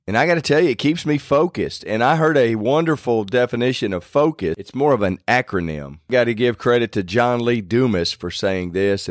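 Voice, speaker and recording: A man's voice: on the low side, no room sound, clean studio sound. Folksy man giving a devotional talk. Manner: folksy and self-deprecating, rambling with restarts. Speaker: faith podcast host.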